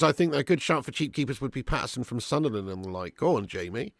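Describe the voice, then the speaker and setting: A young man hosting a live football watch-along, chatting and thanking viewers by name, with sudden bursts of excitement when chances come. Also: a little high, gravelly, dry recording, studio quality.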